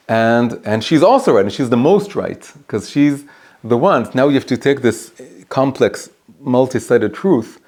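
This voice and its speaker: A man teaching a class as a rabbi, animated and often restarting his sentences while telling stories. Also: mid-range voice. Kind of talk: storytelling lesson. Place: private home.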